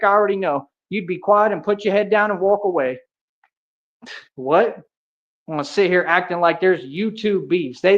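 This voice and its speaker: On dull, lo-fi stream audio, a man with a high-pitched, fairly bright voice launches into a heated rant. His tone is boastful and confrontational, peppered with "bro," "real talk," and plenty of street slang.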